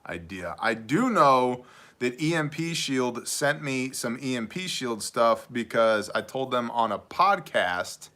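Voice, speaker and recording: A man's voice: mid-range voice, sing-song, slow, pushed and bright. A man from New York hosting a casual livestream, joking and rambling through stories while answering chat questions. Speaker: livestream host.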